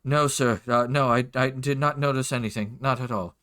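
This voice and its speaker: A man's voice: mid-range voice, fairly even intonation, normal speed, fairly bright tone, lightly acted. A man voicing a nervous woman, a worried mother who stammers through her answers.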